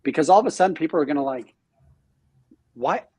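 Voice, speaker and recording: An animated man speaks as a guest on a casual podcast, joking at his own expense and restarting his thoughts. His voice is a touch high and noticeably husky. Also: rapid-fire. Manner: animated and self-deprecating, frequent restarts. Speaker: real estate team leader, podcast guest. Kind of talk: casual interview chat.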